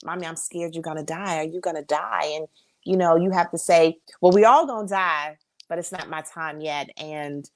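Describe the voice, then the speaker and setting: Female guest, somewhat low voice, earnest and emphatic, faith-driven delivery. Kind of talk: interview answers.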